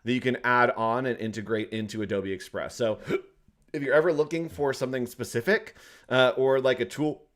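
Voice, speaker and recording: Chatty man demoing software. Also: medium pitch, steady tone, moderate pace. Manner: chatty, rambling, addresses the chat. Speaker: co-host of a software tutorial livestream. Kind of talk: casual livestream demo.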